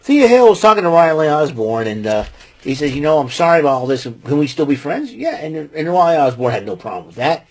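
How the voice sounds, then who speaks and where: Male host, husky voice, loose rambling recap with lots of "uh" and "you know". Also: a little high, very animated, a little fast, a little mellow. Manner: rambling, many fillers and restarts. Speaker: podcast host recapping wrestling. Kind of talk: casual spoken recap.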